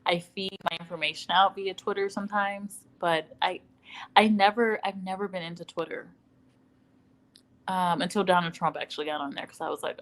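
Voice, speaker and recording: In a low-quality recording, a lowish, steady, slightly bright female voice moves at a moderate pace. She's a Midwestern livestream host chatting casually at home in Dallas, reading viewer comments and acting out quotes with laughter.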